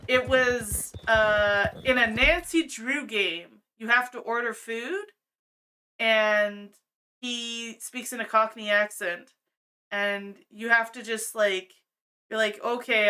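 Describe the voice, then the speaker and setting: Bright-voiced chatty woman streamer. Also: on the high side, fairly even intonation, slow pace, smooth. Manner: chatty, laughs often, thinks aloud. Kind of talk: casual gameplay commentary. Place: home, cat on her lap.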